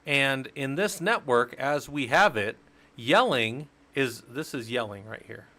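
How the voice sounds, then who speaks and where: A man's voice: mid-range voice, animated, unhurried, sharp tone. A man teaching networking on a casual live stream, explaining step by step and joking with his viewers. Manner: chatty, explains step by step, jokes with chat. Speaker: live-stream Linux instructor.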